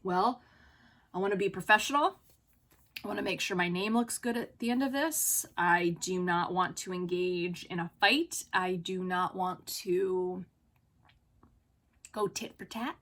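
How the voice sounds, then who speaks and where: A woman in her thirties telling a story to camera in a casual vlog, animated and exasperated, full of "you know" and "like". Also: on the low side, measured pace. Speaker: vlogger.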